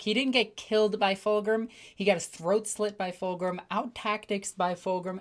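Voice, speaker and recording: A woman with a slightly low voice chats on a home livestream, talking to her viewers. She tells stories with excitable, animated energy and sometimes acts out the people in them. Her delivery is loose and conversational, with quick bursts of speech. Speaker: streamer. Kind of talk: casual livestream chat.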